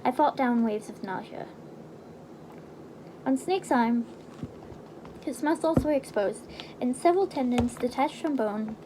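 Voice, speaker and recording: A woman's voice: high voice, dark tone, a little hiss or hum, low-quality recording. A woman casually reading a game novelization aloud, stumbling and restarting over words now and then. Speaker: reader.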